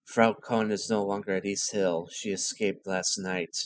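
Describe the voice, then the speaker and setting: A man voicing a calm, caring middle-aged German doctor, putting on a German accent and speaking slowly and low. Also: no echo, natural voice. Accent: put-on German.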